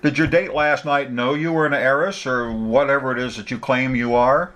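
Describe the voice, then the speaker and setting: A man's voice: medium pitch, steady tone, moderate pace, a bit bright, lightly acted. A man reading a story, voicing a guarded, dry-humored young man driving a stranger. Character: young man, wary reluctant driver.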